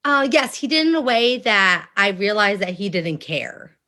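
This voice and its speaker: A woman's voice: mid-range voice, measured pace. A woman in her twenties chatting on a podcast, telling a story with lots of laughter and acted-out dialogue. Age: 20s. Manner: animated storytelling, acts out dialogue, laughs often. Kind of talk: candid podcast chat.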